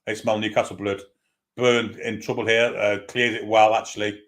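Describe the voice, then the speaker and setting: A man's voice: fairly low pitch, little pitch movement, moderate pace, fairly bright tone. A man giving partisan live play-by-play commentary on a football match as a fan, with running asides.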